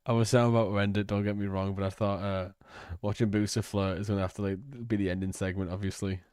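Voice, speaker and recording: Low-voiced man, rambling and crude. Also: little pitch movement, fast, darkish tone, smooth, no room sound, clean studio sound. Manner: rambling, swearing, hesitant. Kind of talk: crude casual commentary.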